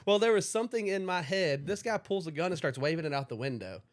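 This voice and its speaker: A man's voice: fairly high pitch, lively intonation, fast talker. Profane, rambling storyteller man. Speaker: podcast co-host. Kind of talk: casual chat.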